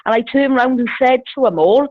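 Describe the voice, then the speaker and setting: A woman's voice: high voice, a little fast, no room sound. A woman telling a rambling, swear-filled story over the phone, laughing often. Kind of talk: casual storytelling chat. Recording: tinny phone line.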